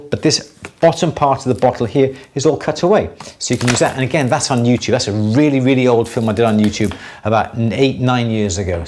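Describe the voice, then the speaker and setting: A middle-aged man hosting a live jewellery Q&A, explaining techniques step by step in a relaxed way, with many fillers and restarts. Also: medium pitch, a little hiss or hum. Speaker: jewellery maker answering viewer questions. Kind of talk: live Q&A demonstration.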